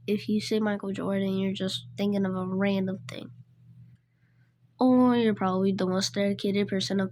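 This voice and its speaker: A woman animator talks slowly to herself as she works, in casual commentary. She mutters, often half-whispering her counting. The pitch is middle and the recording is noisy, with clicks. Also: darkish tone. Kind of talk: casual commentary while working.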